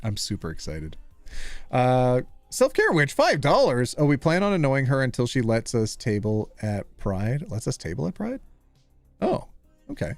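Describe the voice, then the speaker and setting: A male streamer chats with his live audience in a playful, teasing manner, his pitch swinging widely from low mutters to high exclamations. The sound is dry and close, with light music faint underneath. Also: moderate pace, vocal fry, no echo. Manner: playful, animated, teasing, reading chat aloud. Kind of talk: casual live-stream chat.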